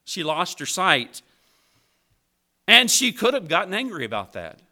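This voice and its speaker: Male preacher, high and sharp-toned, emphatic sermon delivery. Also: huge pitch swings, a little slow. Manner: preaching with emphatic rises and drops.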